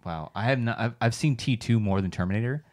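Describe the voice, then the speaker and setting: A man co-hosting a casual livestream chat, talking in an excited, rambling way with many fillers. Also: medium pitch, fast talker. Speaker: podcast co-host.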